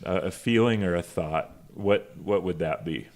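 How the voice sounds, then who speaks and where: A man co-hosting a podcast, asking friendly, halting questions in casual interview chat. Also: deep voice, a little mellow. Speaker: podcast co-host.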